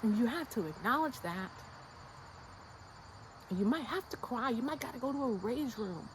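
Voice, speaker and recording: American woman vlogger, a little high-voiced, blunt and slangy, repeats herself for emphasis. Faint noise behind her. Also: lively intonation, moderate pace, low-quality recording. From United States. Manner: fired-up and insistent. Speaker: YouTube creator. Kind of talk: casual motivational rant to camera.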